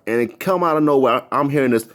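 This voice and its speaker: A man casually telling a personal story, excitable and repetitive, acting out shouts and honks. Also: medium pitch, quick pace. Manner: excitable, repeats himself, acts out shouts and honks.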